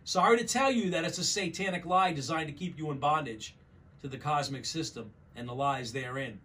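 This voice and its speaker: A man's voice: on the high side, a little fast, sharp tone. A man preaching a sermon as pastor, emphatic and repeating his key phrases, often calling his listeners folks.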